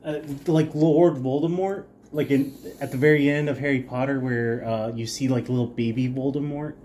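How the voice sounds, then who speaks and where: A man's voice: medium pitch, steady tone, moderate pace, warm tone, slight background noise. A man co-hosting a casual sports podcast, rambling and joking with lots of fillers. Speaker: podcast co-host.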